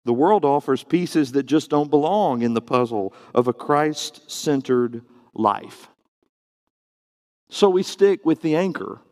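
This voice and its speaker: Gravelly preacher in a reverberant church. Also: male voice, on the high side, animated, slow, darkish tone. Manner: earnest, emphatic, varies pace for stress. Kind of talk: sermon. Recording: long reverb of a church hall.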